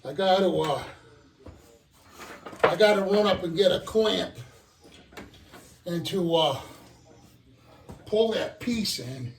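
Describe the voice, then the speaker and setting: A man's voice: high voice, slow pace, gravelly, long pauses, slight background noise. An older man muttering and cursing to himself, out of breath as he works on model train benchwork. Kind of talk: casual self-talk while working. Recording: roomy echo, mic at a distance.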